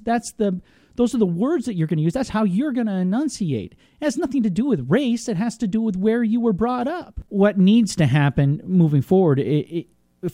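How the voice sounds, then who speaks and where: A man hosts talk radio in an impassioned, unscripted monologue and often restarts his sentences as he pushes his point. His voice sits a little high but has a mellow, warm tone. The studio sound is dry and close. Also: no echo. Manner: passionate, repeats words when worked up. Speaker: radio talk show host.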